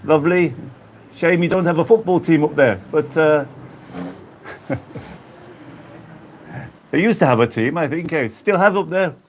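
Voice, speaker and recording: A man's voice: a little high, unhurried, pauses often, a little hiss or hum. An English man hosting a casual live-stream chat, greeting viewers by name and laughing often as he chats. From England. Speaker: YouTube host reading live chat.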